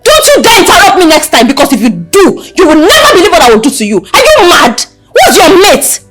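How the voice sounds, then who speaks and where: An actress with a Nigerian accent playing a loud, preachy young woman who scolds and lectures her mother. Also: very high-pitched, huge pitch swings, brisk, exaggerated voice. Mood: scolding. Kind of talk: Nollywood film acting. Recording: film audio with music score.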